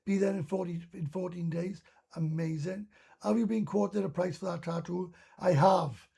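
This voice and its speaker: A man's voice: high-pitched, normal speed, creaky, warm tone, husky. A Welsh man hosting a casual live stream, reading viewer comments aloud and answering them bluntly, swearing freely and often restarting his sentences. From Wales.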